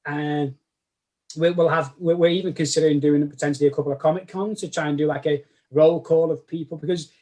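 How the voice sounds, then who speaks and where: A man's voice: fairly high pitch, fairly even intonation, a little fast, dark tone. A man with a Manchester accent, a guest chatting casually in an interview and often restarting his sentences. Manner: rambling, lots of restarts and self-corrections. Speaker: guest cosplayer.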